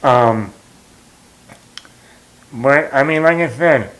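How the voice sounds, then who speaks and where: A man's voice: mid-range voice, drawn-out words, fairly bright tone, poor audio. A man hosting a movie talk show, rambling casually as he retells scenes and quotes lines with chuckles.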